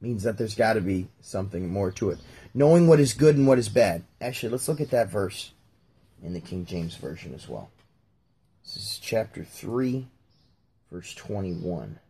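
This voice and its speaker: A man with a lowish, mellow, husky voice hosts a casual talk, reading Bible verses aloud and cracking jokes about them. He speaks briskly and with animation, talking as he flips through the pages.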